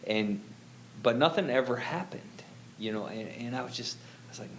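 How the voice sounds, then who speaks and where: A man telling his own story in a relaxed, rambling way, full of fillers and quoted lines. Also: mid-range voice, normal speed, a little hiss or hum, rough recording. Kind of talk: casual storytelling.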